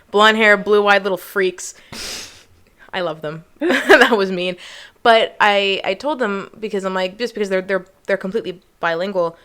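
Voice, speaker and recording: A young woman co-hosting a podcast in casual chat, sarcastic and quick with asides, laughing often, with a sore throat. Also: medium pitch, fairly bright tone, clean tone. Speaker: podcast co-host.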